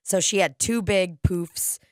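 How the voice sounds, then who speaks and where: A woman's voice: lowish voice, slow pace, no room sound, studio quality. Chatty, foul-mouthed woman telling a story. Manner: chatty, profane, peppered with "like". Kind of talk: casual comic storytelling.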